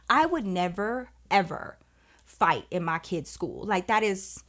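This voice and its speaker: A woman vlogger telling a dramatic personal story in casual, profane, animated speech. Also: mid-range voice, normal speed. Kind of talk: storytime vlog, casual chat.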